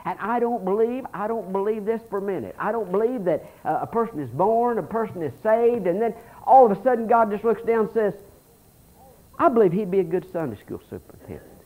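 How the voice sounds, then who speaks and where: A pastor preaching a sermon, telling folksy stories and reading scripture aloud with animation. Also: male voice, high voice, brisk, hardly any pauses, warm tone, poor audio.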